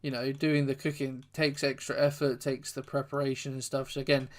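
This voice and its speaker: A young man from England casually commentating his own football video game, rambling between plays and shouting when goals go in. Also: mid-range voice, a little fast. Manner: chatty, rambling, bursts into excited goal shouts. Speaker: gaming YouTuber.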